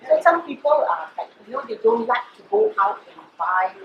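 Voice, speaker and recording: A woman's voice: fairly high pitch, big pitch swings, a little fast, lo-fi sound, slight background noise. A middle-aged woman with a Malaysian accent, a chef giving a chatty, explanatory cooking class in a hotel kitchen and often checking in with her listeners. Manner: chatty, explanatory, checks in with "you know" and "all right". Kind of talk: live cooking demonstration. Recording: echoey kitchen.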